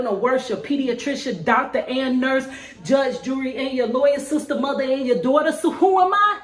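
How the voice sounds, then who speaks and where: A woman performs her own spoken word poetry with a rhythmic, emphatic beat that lands on every rhyme. Her voice sits high and bright in her range. The recording carries a noticeable roomy echo. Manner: rhythmic, emphatic rhyming delivery. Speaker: vlogger and spoken word poet.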